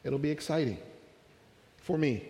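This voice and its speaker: A man's voice: fairly high pitch, expressive, measured pace, warm tone, big-room sound. A man preaching a sermon as pastor, talking conversationally with stories and humorous asides.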